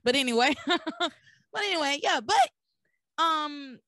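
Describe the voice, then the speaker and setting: A young woman hosts a casual podcast, animatedly retelling soap scenes and dropping into lower voices for the characters. Her voice sits a little high. The recording is close and dry. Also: slow pace, no room sound. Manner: animated storyteller acting out dialogue in lowered voices. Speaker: podcast host recapping a soap opera. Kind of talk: casual chat.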